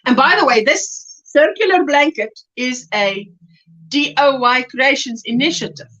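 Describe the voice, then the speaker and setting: Crocheting live on a relaxed stream, this South African host reads out comments from viewers and laughs a lot as she chats. She speaks a little slowly in a high-pitched, animated voice with a slightly bright quality, captured in lo-fi livestream audio.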